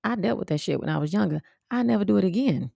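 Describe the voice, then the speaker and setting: A woman, telling personal stories as a podcast host in a blunt, animated way, swearing freely and jumping into sharp high exclamations. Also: fast, creaky, no echo, clean studio sound. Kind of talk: casual storytelling monologue.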